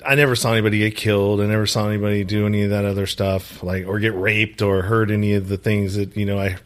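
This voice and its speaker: A man's voice: fairly low pitch, level tone, fast. A man talking casually and bluntly about his past, often restarting his sentences. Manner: laid-back, blunt, with frequent restarts. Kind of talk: casual conversation.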